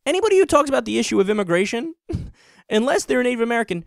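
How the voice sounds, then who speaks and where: A man's voice: extremely high pitch, animated, quick pace, creaky, no echo, studio quality. A man giving online political commentary in a sarcastic, mocking and profane ranting manner.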